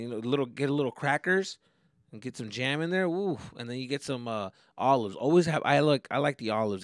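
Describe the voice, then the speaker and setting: A man's voice: medium pitch, dry recording, studio quality. A man hosting a comedy podcast, talking casually and profanely, dropping Spanish slang into his English. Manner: animated storytelling, acts out exchanges.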